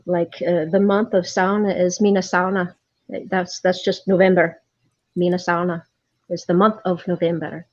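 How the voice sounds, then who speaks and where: A woman, a guest in casual chat, explaining at length and dropping in "aye". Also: lowish voice. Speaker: podcast guest. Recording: dull lo-fi remote audio.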